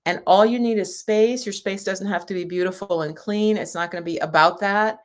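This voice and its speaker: A woman's voice: mid-range voice, fairly quick. A woman yoga and meditation teacher talking casually and reassuringly to viewers of a livestream. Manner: chatty, reassuring, sometimes laughing.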